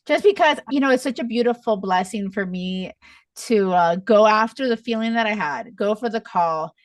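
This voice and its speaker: A woman's voice: mid-range voice, no room sound, distant mic. A woman dating coach hosting a casual podcast interview, gushing and effusive as she heaps affection on her guest over a remote call. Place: in Madrid.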